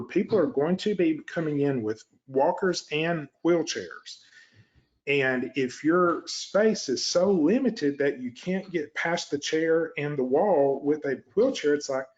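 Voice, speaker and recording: A man coaching other lawyers on running a practice, talking in a relaxed, conversational way and acting out clients' reactions in quick asides. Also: fairly high pitch, lo-fi sound. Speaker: elder law practice coach. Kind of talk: instructional talk to lawyers.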